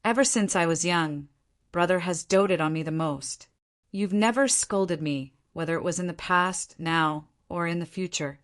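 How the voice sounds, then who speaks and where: Read by a woman, this is a clingy young sister from a storybook who pouts and wheedles to get her way. Her voice sits fairly low for a woman. The delivery stays plain and close to a reader's own voice. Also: normal speed, lightly acted. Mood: sly. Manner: pouting, wheedling. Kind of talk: audiobook character reading.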